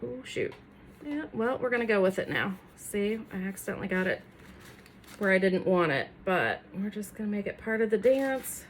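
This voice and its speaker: Woman, middle-aged, casual DIY vlogger, self-deprecating, talks while working; mid pitch. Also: lively intonation, moderate pace, slight background noise. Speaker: furniture makeover creator. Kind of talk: casual DIY tutorial chat. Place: home workroom, indoors.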